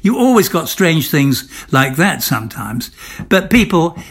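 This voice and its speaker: This older ex-soap actor shares anecdotes as an interview guest, his fairly high, fairly bright voice carrying a breathy edge. He's very animated yet keeps a measured pace, playful and dramatic, with lots of repeats and restarts.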